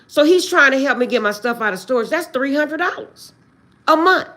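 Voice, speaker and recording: A woman ranting on a livestream, close to tears and swinging between outbursts and quiet prayers. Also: high voice, animated, normal speed. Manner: agitated, swings between shouting and tearful prayer. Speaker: livestream host. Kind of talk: emotional livestream rant.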